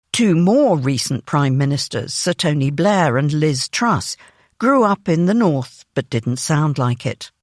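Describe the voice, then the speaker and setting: A narrator reading a written news feature aloud in a measured, even way, recorded on a close studio microphone. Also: mid-range voice, no echo.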